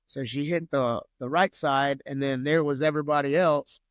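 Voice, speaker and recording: A man's voice: fairly high pitch, steady tone, moderate pace, clear, resonant tone, no echo, clean studio sound. A man, a podcast guest telling a story in loose casual talk full of swearing and fillers. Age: 30s. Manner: loose, profane, lots of "like".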